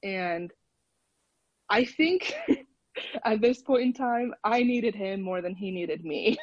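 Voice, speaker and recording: A woman's voice: mid-range voice, animated, slow pace, no room sound, dull audio. A woman guest on a podcast, chatting casually and laughing often as she tells a story over a call. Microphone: phone call.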